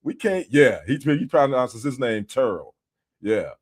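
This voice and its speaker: A man's voice: medium pitch, sing-song, unhurried. This is a man hosting a live sports stream, talking straight to his chat in a casual, easygoing way. He calls out viewers by name and trades light trash talk with rival fans. His voice sits in a middle register. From United States. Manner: chatty, greets viewers by name, teasing banter. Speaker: sports livestream host. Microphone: streaming setup.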